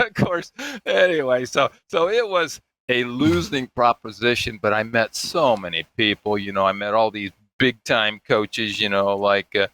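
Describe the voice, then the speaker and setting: A man's voice: fairly low pitch, fairly even intonation, moderate pace, few pauses, bright, forceful tone, no echo, poor audio. Rambling, chuckling older man telling stories. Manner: rambling, chuckling, acts out quoted voices. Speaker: father telling family stories on a podcast. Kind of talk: casual storytelling.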